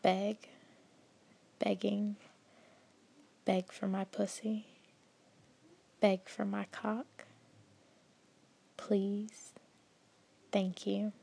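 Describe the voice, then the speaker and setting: A woman with a slight Southern US accent talks to her viewers in a relaxed, casual vlog. Her voice is gravelly and warm, and her speech is very slow. She keeps it soft and often slips into a whisper. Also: medium pitch. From Southern United States. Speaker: vlogger. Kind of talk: casual vlog reading a word list.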